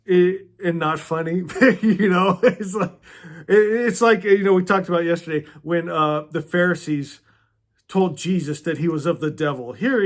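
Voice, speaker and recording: Earnest, high-voiced man talking books. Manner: earnest, chatty, laughs often. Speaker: book club host. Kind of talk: casual book discussion and reading aloud.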